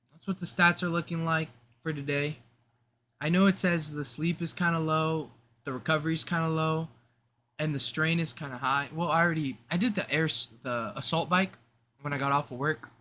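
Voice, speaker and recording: A young man with a bright, forceful voice sitting a touch high for a man, rambling straight to camera in a casual vlog. He talks in loose slang, restarts sentences and drifts from thought to thought. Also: a little hiss or hum. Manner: rambling, self-interrupting, slangy. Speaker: vlogger.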